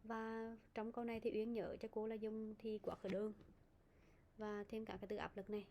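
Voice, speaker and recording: A woman's voice: medium pitch, completely flat delivery, fairly quick, warm tone, a little hiss or hum. A woman with a Vietnamese accent teaching an online English speaking lesson, giving feedback and modelling pronunciation.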